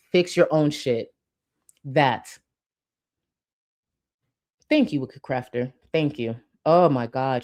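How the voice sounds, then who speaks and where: A woman's voice: sits low, a little mellow. A woman hosting a commentary channel, reacting to clips with a sassy, mocking rant and talking back at them.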